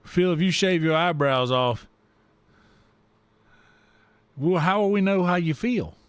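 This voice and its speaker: High-voiced man teasing his livestream chat. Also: animated, smooth, no room sound. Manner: playful, teasing, repeats words in a drawn-out singsong. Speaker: livestream host. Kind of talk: casual gaming livestream chat. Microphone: desk microphone.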